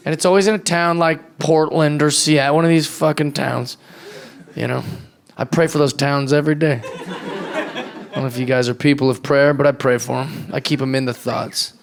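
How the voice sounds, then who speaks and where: A man doing a stand-up routine, mocking and profane, with animated rants. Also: fairly high pitch, normal speed, gravelly. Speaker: stand-up comedian. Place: comedy club stage with live audience. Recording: live club recording with loud audience laughter.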